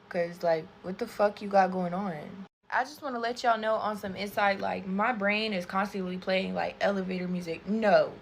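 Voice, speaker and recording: A woman telling a storytime to camera, swearing a lot, animated and calling her viewers y'all. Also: on the low side, slight background noise. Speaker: content creator. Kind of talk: storytime vlog.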